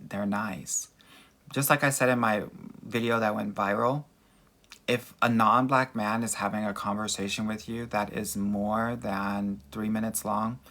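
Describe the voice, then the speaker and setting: A man working as a dating coach answers viewer comments in a chatty livestream Q&A, using a Valley Girl voice and mannerisms and calling everyone "girl" and "honey." His voice is lowish and a bit bright.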